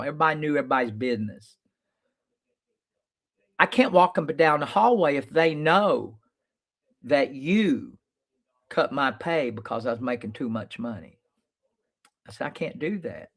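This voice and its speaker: Man, lawyer host, blunt, swears freely, casual storytelling. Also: fairly high pitch. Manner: storytelling, reenacts his own past lines. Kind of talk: casual monologue to viewers.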